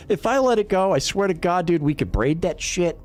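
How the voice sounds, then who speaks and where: A man chatting casually on a gaming livestream, swearing freely, rambling and laughing often between thoughts. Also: extremely high pitch. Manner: profane, rambling, quick to laugh. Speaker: livestream gamer.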